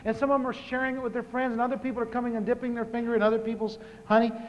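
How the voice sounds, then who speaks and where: A man in his fifties with a notably high voice for a man, preaching a humorous testimony in a lively, storytelling way. He repeats words for comic timing. The sound is a live talk in a church hall with a long echo and a faint hiss behind it. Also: racing, highs cut off. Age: 50s. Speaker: pastor.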